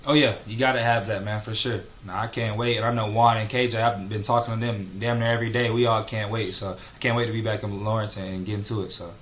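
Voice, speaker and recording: A man's voice: on the low side, little pitch movement, quick pace, hardly any pauses, fairly bright tone, a little hiss or hum. A young man, a college basketball player, talking casually in an interview, with many fillers. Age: young adult.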